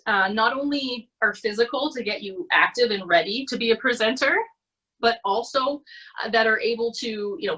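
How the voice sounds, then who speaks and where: Bright, husky-voiced Canadian woman coach. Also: a little high, rough recording. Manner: encouraging, conversational, with frequent "okay?" check-ins. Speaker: presentation skills coach. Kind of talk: online workshop talk. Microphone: computer mic on a video call.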